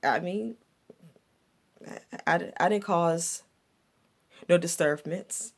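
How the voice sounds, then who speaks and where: A woman with a fairly low voice speaks slowly as she vlogs about her past. Now an adult recalling her younger days, she circles back over points and stumbles into restarts.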